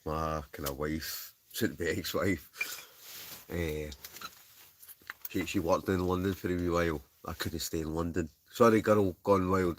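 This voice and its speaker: A Scottish man hosting a wild camping live stream from a heated tent, chatting in a rambling way, laughing often and answering live comments. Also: rumbling low. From Scotland. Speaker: wild camping livestream host. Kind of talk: casual chat reading live comments. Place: inside a heated tent with a stove.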